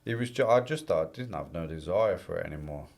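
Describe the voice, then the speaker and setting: A man, a podcast guest answering reflectively in halting phrases with restarts and casual slang. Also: low-pitched, expressive, gravelly, darkish tone.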